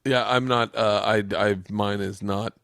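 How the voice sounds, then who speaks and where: A man and comedian co-hosting a casual podcast, telling stories excitedly and laughing often, with jumps into high-pitched bursts. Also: a little slow, clean tone, dry recording, studio quality.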